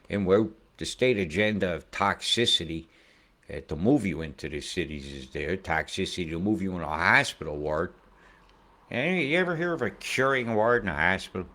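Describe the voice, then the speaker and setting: A man's voice: low voice, a bit bright. A man giving casual weather commentary over satellite images, rambling, profane and conspiratorial.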